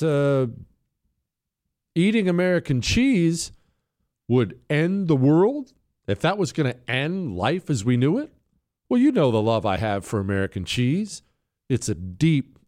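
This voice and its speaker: A man hosting a political talk radio show, combative and mocking, with sarcastic jabs and punchy emphasis. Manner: lively pitch swings, stressing words.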